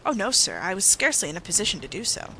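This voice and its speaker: A bitter, earnest Victorian secretary, read out by an audiobook narrator, speaking with solemn intensity in a bright, forceful tone. A faint hiss of noise sits under the voice. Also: mid-range voice, wildly swooping pitch, rapid-fire, creaky, exaggerated voice, poor audio. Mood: guarded. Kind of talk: audiobook character reading.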